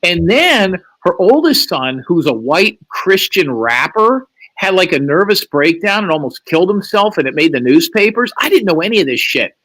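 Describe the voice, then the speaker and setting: Animated, profane man telling a story. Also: high voice, moderate pace, rough recording. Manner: profane, acts out quoted lines in a raised voice. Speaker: livestream guest.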